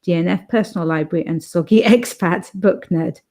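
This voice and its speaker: A woman's voice: on the low side, normal speed, dark tone. Chatty woman hosting a writing stream. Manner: chatty, rambling with fillers and restarts. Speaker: author livestream host. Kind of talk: casual chat reading live comments.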